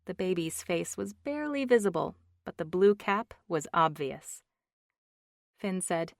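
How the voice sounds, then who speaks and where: A woman narrating an audiobook in a measured manner, lightly voicing the characters, on a close studio mic. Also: fairly low pitch, no echo. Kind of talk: scripted narration.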